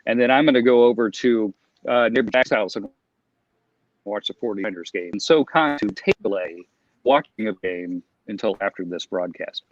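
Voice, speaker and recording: A man from Alabama chatting casually on a video call, an animated storyteller who jumps into playful voices. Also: lowish voice, moderate pace. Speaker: guest, former theme park ride skipper. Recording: dull lo-fi call audio.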